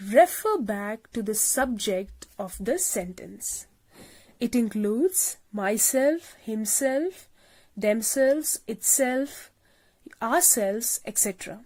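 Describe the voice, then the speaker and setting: A woman's voice: on the high side, darkish tone. A woman teacher giving a recorded grammar lesson, explaining step by step, repeating points and asking the class questions. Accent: South Asian English.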